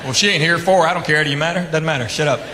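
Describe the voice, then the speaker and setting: Stand-up comic, male, slightly high voice, storyteller with quick character bits, live echoey club. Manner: storytelling with quick dialogue impressions. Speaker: stand-up comedian. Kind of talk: stand-up comedy set. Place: comedy club stage with laughing audience. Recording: echoey club with loud crowd noise.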